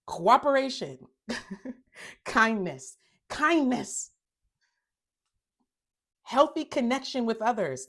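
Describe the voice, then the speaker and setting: A woman hosting a self-help talk, speaking emphatically, repeating phrases for stress and growing heated when she is upset. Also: fairly low pitch. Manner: emphatic, repeats phrases, addresses listeners as y'all; gets worked up and loud when upset. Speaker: host.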